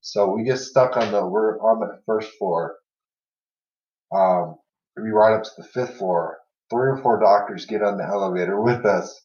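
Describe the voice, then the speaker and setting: A man's voice: on the low side, measured pace, darkish tone. Laid-back man telling work stories. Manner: laughs while telling stories, many "you know" and "everything else" fillers. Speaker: podcast host. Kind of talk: casual storytelling chat. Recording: echoey room, far from mic, dull lo-fi sound.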